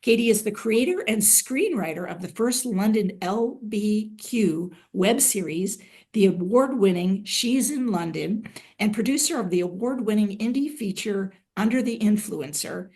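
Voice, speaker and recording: A woman podcast host reads out an author's bio in a measured way, then slips into eager, chatty talk. Her voice is husky and a bit breathy, pitched in the middle. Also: darkish tone. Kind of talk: reading a guest bio, then casual chat.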